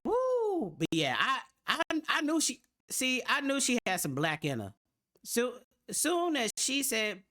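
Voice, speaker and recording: A woman hosting a reaction video, talking in a drawn-out, animated way and circling back to repeat her points. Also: on the high side. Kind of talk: casual reaction commentary.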